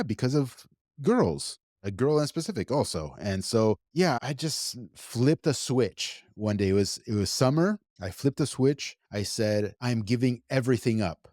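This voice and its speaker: Male podcast co-host, mid pitch, emphatic and repetitive, profane, dry studio sound. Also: a little mellow, no room sound. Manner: emphatic, repeats points, swears freely. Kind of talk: casual podcast talk.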